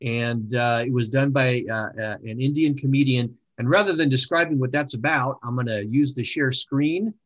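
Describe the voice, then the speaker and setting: A man's voice: medium pitch, moderate pace, few pauses, no room sound, highs cut off. A middle-aged man hosting an online discussion, speaking with many hesitations and fillers. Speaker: host.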